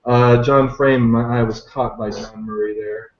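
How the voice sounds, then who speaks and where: A man walks through a software demo in a lively, jokey way and pokes fun at himself as he goes. The sound is roomy and a bit dull, like an online call. His pitch sits in the middle range. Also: measured pace. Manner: lively, self-deprecating, jokey explainer. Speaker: guest software expert. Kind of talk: screen-share software demo.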